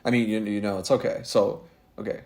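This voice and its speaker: A man co-hosting a casual podcast, his low voice gravelly with fry. He talks animatedly, full of fillers and restarts as he recaps a show. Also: flat delivery, a little fast, a little mellow. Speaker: podcast co-host. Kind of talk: casual chat.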